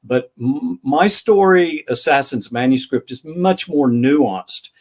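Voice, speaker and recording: A man's voice: medium pitch, expressive, takes it slowly, a little mellow. An older man, an author being interviewed, answering thoughtfully with anecdotes and acting out remembered dialogue. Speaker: author guest.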